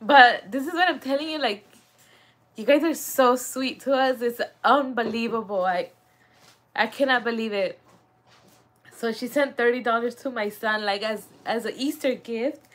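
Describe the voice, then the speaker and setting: A woman with a high, bright-sounding voice talks straight to her viewers on a live stream. She is chatty and emotional and laughs often, in an easy, casual way. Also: normal speed. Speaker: vlog host.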